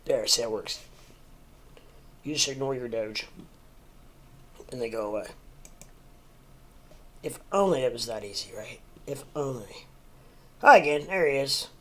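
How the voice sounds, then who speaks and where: A man's voice: medium pitch, animated, a little slow, pauses often, pushed and bright, slight background noise. Rambling American man livestreaming. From United States. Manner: rambling, many fillers and restarts; talks to his dog mid-stream. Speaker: crypto livestream host. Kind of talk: casual livestream chat.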